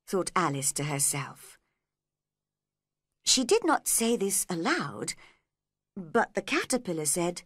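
Woman storybook narrator, very slow clear read-along, lively intonation, dry close sound. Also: on the low side, no echo.

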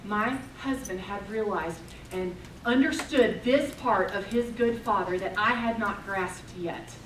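A middle-aged woman giving a storytelling sermon at a retreat, animated and acting out the dialogue in her stories. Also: mid-range voice, unhurried. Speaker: retreat speaker. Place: retreat meeting room. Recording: echoey hall, distant mic, background noise.

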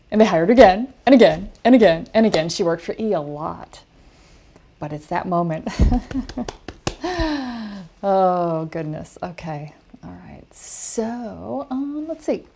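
A woman coaches a film class over a video call. She talks in an animated, storytelling way and breaks off into lively asides to her students. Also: sits high. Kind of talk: online class talk.

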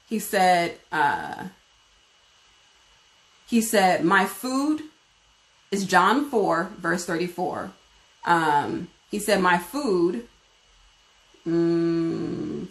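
A woman of middle pitch teaches a bible study in a relaxed, talkative way, often slipping into quoted back-and-forth with animated lifts. Her voice rings out in a noticeably echoey room. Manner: animated, conversational, acts out dialogue. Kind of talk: informal bible study message. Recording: roomy echo.

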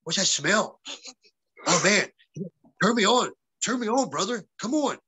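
A man doing an impression of a pushy male wrestler who coaxes and begs in slangy talk, with his voice pushed up high. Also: animated, unhurried, pushed and bright, slightly rough, full character voice. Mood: wheedling. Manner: coaxing, slangy, pitched up. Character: pushy, wheedling male wrestler begging for weed.

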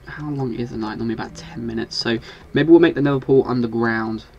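A man giving casual, excitable commentary while playing a video game, scolding and swearing at the monsters on screen. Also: medium pitch, fast talker, muffled recording, slight background noise. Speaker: gaming video host.

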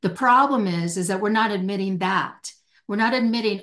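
A woman's voice: medium pitch, normal speed, a bit bright. Emphatic middle-aged woman, passionate. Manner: passionate, emphatic, acts out quoted speech. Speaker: hostage negotiator, podcast guest. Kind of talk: emphatic podcast interview answer.

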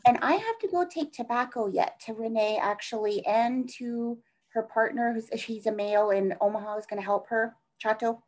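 This middle-aged woman, a task force advocate being interviewed, has a somewhat high, darkish voice and talks at normal speed with few pauses. Her conversational answers are earnest and rambling, often trailing off before she restarts. The recording is rough.

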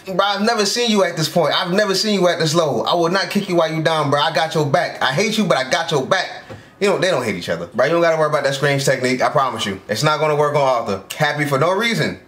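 A man giving excited, casual reaction commentary, exclaiming often in slangy, profane talk. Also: on the high side, quick pace, echoey room. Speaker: anime reaction vlogger. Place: home room with orange background lights.

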